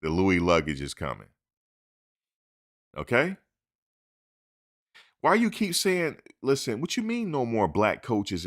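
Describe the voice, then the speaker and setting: A man's voice: mid-range voice, measured pace, long pauses. A man giving opinionated sports talk into a close mic, emphatic and repetitive, lecturing his listeners. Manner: animated, emphatic, repeats points, lectures listeners. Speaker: sports commentator. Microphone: close microphone.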